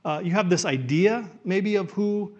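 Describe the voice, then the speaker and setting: Animated male preacher, fairly high voice. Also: unhurried, dull audio. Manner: animated preaching, often voicing imagined listeners. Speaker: pastor. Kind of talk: sermon.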